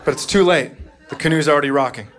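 Captured live in a comedy club, a thirtysomething man works through his set fast, sounding deadpan and fed up, with shrill impressions of his relatives. He uses a handheld stage mic, and loud crowd laughter and room noise fill the background.

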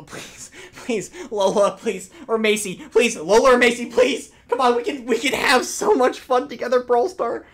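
A young man streaming a reaction to a game trailer, loud and swearing with hyped outbursts. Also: high voice. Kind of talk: excited reaction commentary.

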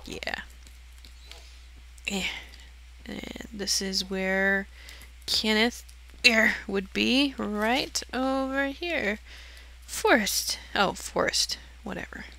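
A woman's voice: medium pitch, steady tone, drawn-out words, gravelly, pauses often, sharp tone. A young woman giving a casual, giggly, self-deprecating walkthrough of something she built in a game. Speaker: channel host touring her build.

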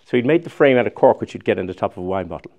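A man's voice: lowish voice, lively intonation, rapid-fire, dull audio. A man in his sixties giving a chatty, digressive public lecture, often restarting his sentences. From Ireland. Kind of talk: recorded public lecture with slides.

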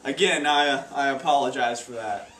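A man's voice: medium pitch, moderate pace, fairly bright tone, slight background noise. A teenage boy doing an amateur stand-up routine, stumbling and awkward with many fillers. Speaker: stand-up comedian. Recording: echoey room, taped from far off.

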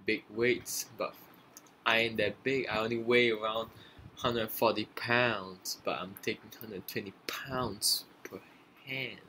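Young male gym vlogger, low-pitched, laid-back, swears freely; faint room noise. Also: steady tone, slow pace, bright, forceful tone, poor audio. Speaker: fitness vlogger. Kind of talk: casual gym vlog commentary.

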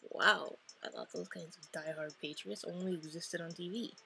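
A woman's voice: on the low side, fairly even intonation, normal speed, gravelly, sharp tone, slight background noise, low-quality recording. A woman playing a visual novel, reading its lines aloud and chatting about them in a rambling, playful way. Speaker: let's play narrator.

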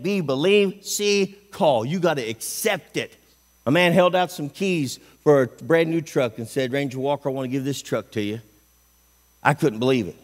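A man preaching a folksy, emphatic sermon in a church, asking the congregation questions. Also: fairly high pitch.

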